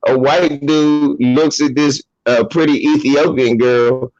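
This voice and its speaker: A man from New York, co-hosting a casual chat and telling stories in a profane, animated, street-slang way. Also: fairly high pitch, slow, no echo. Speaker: podcast co-host. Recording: dull lo-fi dry audio.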